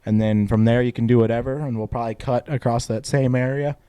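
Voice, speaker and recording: A man's voice: mid-range voice, fast talker, clear, resonant tone, dry recording. A young man co-hosting a podcast in casual chat, telling stories and acting out what others said. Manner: animated storyteller, acts out quotes. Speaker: podcast co-host.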